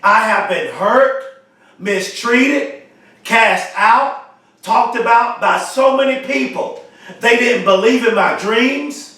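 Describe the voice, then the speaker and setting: A man giving a motivational speech, emphatic and repetitive, stretching key phrases slowly for emphasis. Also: extremely high pitch, sharp tone. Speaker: motivational speaker. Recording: very echoey room, mic far off.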